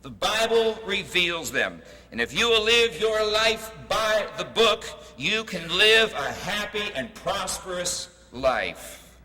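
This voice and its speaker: A man's voice: high-pitched, big pitch swings, slow, bright, forceful tone. A man giving a graduation ceremony address in an emphatic, preacher-like cadence and telling a story, speaking into a podium mic over a PA in a large hall. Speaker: commencement speaker. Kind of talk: preachy ceremony speech with a joke.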